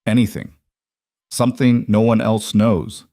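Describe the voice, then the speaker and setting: A man voicing a young woman who asks soft, earnest questions. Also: on the low side, level tone, measured pace, no room sound, clean studio sound. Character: young woman, anxious and direct.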